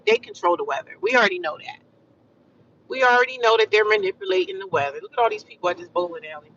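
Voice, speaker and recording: A woman from the United States chats loosely with her livestream viewers. She is animated and repeats herself, and calls them honey and sis. Her voice is bright and forceful. It comes through a dull, lo-fi mic from a distance, with faint noise behind. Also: mid-range voice. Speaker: livestream vlogger. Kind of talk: casual livestream chat with viewers.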